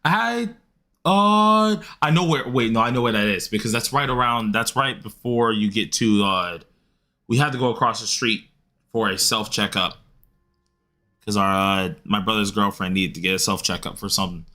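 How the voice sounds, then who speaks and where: A young adult man chatting casually and rambling while he streams a game, leaping into high excited yelps. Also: normal speed. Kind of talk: casual gaming stream chat.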